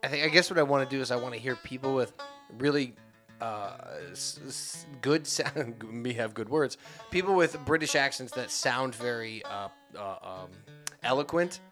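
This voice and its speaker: Man, mid-pitched, rambling podcast co-host, trails off low, faint music under. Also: moderate pace, a bit bright. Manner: rambling, lots of fillers and restarts, drifts into a mumble. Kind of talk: casual chat.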